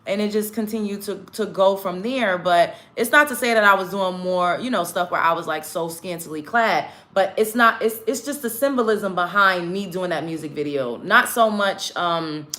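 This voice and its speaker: A woman's voice: mid-range voice, fairly bright tone. A young American woman beauty vlogger talking candidly and emphatically to her viewers while she gets ready, blunt and profane. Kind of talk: casual get-ready-with-me chat. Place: home, in front of the camera.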